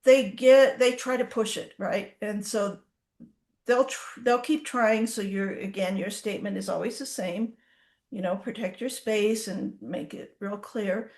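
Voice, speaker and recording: Animated woman horse trainer, echoey room. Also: mid-range voice, unhurried. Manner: animated, acts out horses' reactions. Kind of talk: casual storytelling in an interview.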